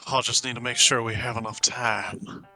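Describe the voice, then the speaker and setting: A man's voice: medium pitch, level tone, normal speed, bright, forceful tone, soft background music. A man voicing a poised teenage girl club president in a crooning drawl like a famous rock-and-roll singer. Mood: coy.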